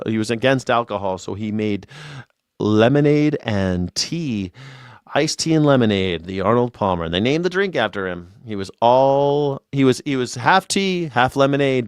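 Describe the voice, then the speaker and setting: A man's voice: mid-range voice, clear, resonant tone, no room sound, clean studio sound. A man hosting a live news reaction show, sarcastic and profane, mocking what he plays. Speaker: host.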